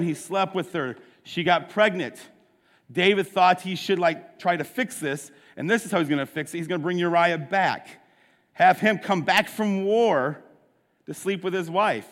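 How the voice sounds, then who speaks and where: A man's voice: fairly high pitch, fairly bright tone, in a large hall. A man preaching a sermon, retelling a story casually with asides to his listeners. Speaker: pastor.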